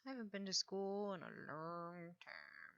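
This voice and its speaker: A woman's voice: medium pitch, huge pitch swings, moderate pace, gravelly, a bit bright, no room sound, dull audio. A woman chatting casually and easygoing while she draws on a stream, joking about herself. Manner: chatty, self-deprecating, easygoing. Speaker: artist streaming a drawing session. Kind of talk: casual chat while drawing.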